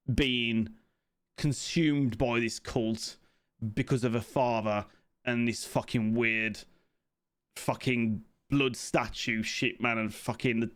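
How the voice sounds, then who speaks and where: A man's voice: mid-range voice, a bit bright. A man giving an off-the-cuff film review, rambling and swearing constantly, with laughing asides.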